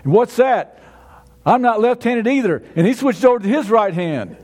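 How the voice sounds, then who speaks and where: A man's voice: very high voice, big pitch swings, moderate pace, darkish tone. A man preaching a sermon in a conversational way, often restarting his words. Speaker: pastor.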